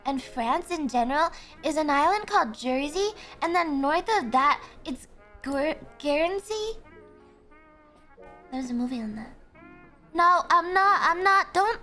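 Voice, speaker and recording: A woman's voice: extremely high pitch, bright, forceful tone. A woman with an Irish accent, hosting a casual live stream as a playful tour guide, laughing often and swearing casually as she banters with chat.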